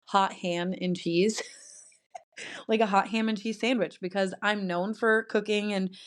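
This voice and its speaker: A woman's voice: mid-range voice, fairly even intonation, a little slow. A young woman hosting her own podcast, talking alone in a rambling, chatty way and laughing often. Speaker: podcast host. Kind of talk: casual solo podcast chat.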